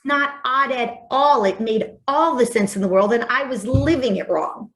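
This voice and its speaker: A woman hosts a podcast, speaking with effusive enthusiasm and frequent halting restarts. Her voice sits somewhat high for a woman. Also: a bit bright. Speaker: podcast host. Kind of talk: podcast conversation.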